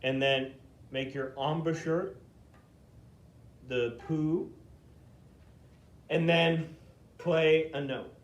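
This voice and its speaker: Male flute teacher, slightly higher voice, patient and methodical, checks in a lot. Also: fairly even intonation, lo-fi sound. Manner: patient, explains slowly, checks in with frequent "okay?". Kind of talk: step-by-step instrument lesson.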